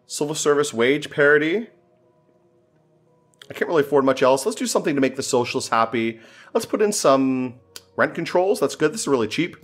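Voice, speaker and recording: A man thinking aloud as he plays a strategy game, often exasperated and swearing. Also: mid-range voice. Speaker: gameplay commentator. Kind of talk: casual gameplay commentary.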